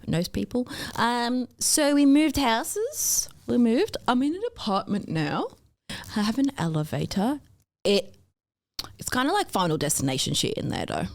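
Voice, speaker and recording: A woman with a slightly high voice chats casually on a podcast. She is playful and teasing, and she jokes her way through stories. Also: big pitch swings, unhurried, no echo. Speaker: podcast co-host, fitness coach. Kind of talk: casual chat.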